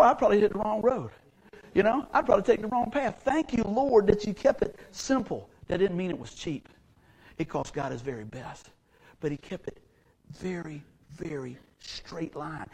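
A middle-aged pastor with a fairly high, slightly rough voice delivers a sermon in a folksy, storytelling style. He shifts between soft, confiding asides and loud, excited outbursts, and the audio quality is poor.

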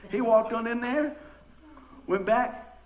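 A pastor with a very high-pitched voice speaks slowly, preaching a casual sermon full of jokey stories. He's a folksy storyteller who stammers and restarts often, and the audio quality is poor.

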